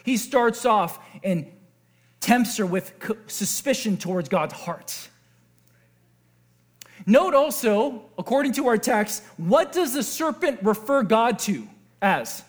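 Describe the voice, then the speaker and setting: A male pastor delivers a sermon in a lively way, stopping often to put questions to his listeners. His speaking voice sits very high for a man. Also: slow. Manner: animated, asks the audience questions.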